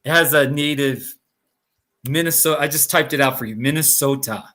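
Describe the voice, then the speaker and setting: Guy hosting a live stream, kinda high bright voice, jokey and rambly, laughs a lot. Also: fairly even intonation, fast talker. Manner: rambling and jokey, laughs often, restarts sentences. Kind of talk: casual live stream chat.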